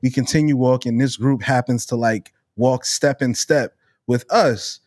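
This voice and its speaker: A man around thirty tells a story in loose, casual podcast chat. He is animated and swears freely, slipping into the voices of the people in his story. His voice sits at a middling pitch, and the sound is close and dry. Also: measured pace, no room sound. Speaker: podcast co-host.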